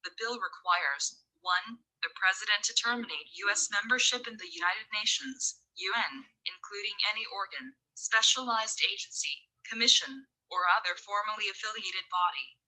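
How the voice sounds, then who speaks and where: A text-to-speech woman's voice reading a bill summary in a flat, even manner. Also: medium pitch, moderate pace, few pauses, poor audio. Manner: flat, even synthetic delivery.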